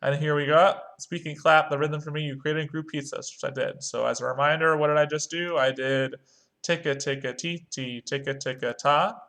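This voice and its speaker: A man's voice: a little high, little pitch movement, brisk, creaky, hardly any pauses, fairly bright tone. A male music teacher, walking young students through a screen-recorded online lesson step by step. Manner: talks through clicks step by step, chants rhythm syllables.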